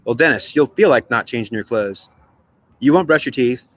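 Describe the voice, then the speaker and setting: A man's voice: medium pitch, lively intonation, moderate pace. A man talking alone to the camera, playing both sides of an earnest, repetitive argument with himself. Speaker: vlogger. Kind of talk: solo monologue, arguing with himself in two voices.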